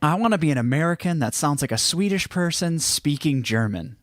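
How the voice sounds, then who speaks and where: A man's voice: a little high, expressive, fairly quick, no room sound, clean studio sound. A man co-hosting a live stream in casual, teasing chat. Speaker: livestream co-host.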